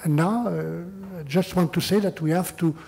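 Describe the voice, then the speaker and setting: A man's voice: sits high, moderate pace, gravelly, a little mellow. An older man with a French accent, speaking English as a second language while answering audience questions in a lecture hall, repeating words and adding "huh?" to his points. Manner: non-native phrasing, repeats words, tags "huh?". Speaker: EU chief negotiator giving a lecture.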